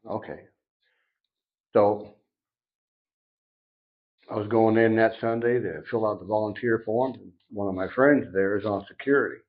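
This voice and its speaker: A middle-aged man on a podcast telling a personal recovery story, animated and acting out each side of the dialogue. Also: fairly low pitch, unhurried, pauses often. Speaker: podcast guest. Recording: dull lo-fi sound.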